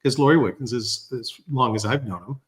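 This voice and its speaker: A filmmaker guest telling animated anecdotes with dry humor in a casual podcast chat. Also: male voice, mid-range voice, brisk.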